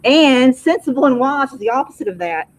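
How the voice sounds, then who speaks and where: A woman teaching a high school vocabulary lesson in a classroom, having students repeat each word. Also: lively intonation, brisk, low-quality recording. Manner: drills pronunciation, asks class to repeat words.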